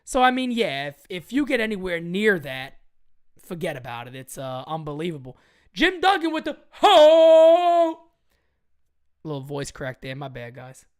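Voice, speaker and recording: A woman hosting a live-stream sports chat show, talking in an animated, emphatic way and greeting her chatters. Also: deep voice, a little fast. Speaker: sports talk show host.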